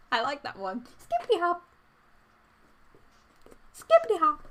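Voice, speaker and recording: A woman's voice: high voice, big pitch swings, unhurried, pauses often, bright, forceful tone, a little hiss or hum. A young woman streaming live, chatting casually to her chat and repeating silly noises in a goofy, playful way.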